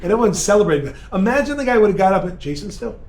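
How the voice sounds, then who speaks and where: A rabbi with a high voice delivers an energetic, joking lecture at a seminar. He bounces between points and banters with the audience in the room. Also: racing. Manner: energetic, joking, talks with the crowd. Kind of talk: lively seminar talk to a live audience.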